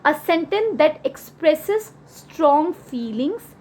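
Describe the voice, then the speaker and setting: A high-pitched woman with an Indian English accent, teaching grammar over slides. She explains each example slowly and repeats key words as she goes. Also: animated, a little mellow, slight background noise.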